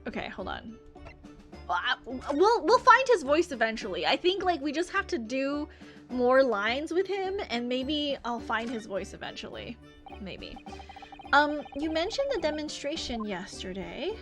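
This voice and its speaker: A chatty, giggly woman streamer musing aloud as she plays a game. Her voice sits high and swings widely in pitch. Faint game music plays behind. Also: very animated, unhurried, fairly bright tone. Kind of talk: casual chat while voicing a game.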